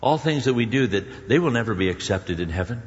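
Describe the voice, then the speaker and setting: A man preaching a sermon, telling a personal story with lively shifts between loud exclamations and hushed, prayerful tones. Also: medium pitch, fairly quick. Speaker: pastor. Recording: muffled sound with long hall reverb.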